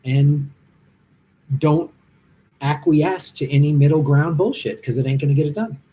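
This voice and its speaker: A man's voice: fairly high pitch, normal speed, dark tone. A middle-aged man, a stand-up comic, talking bluntly and passionately as he answers viewer comments from a hotel room. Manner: impassioned, blunt, rambling. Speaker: stand-up comic hosting a live Q&A stream.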